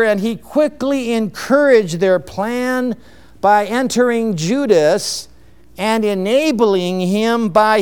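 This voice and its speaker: A man preaching a sermon, emphatic and unhurried, with exclamations and chuckles. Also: sits high, smooth.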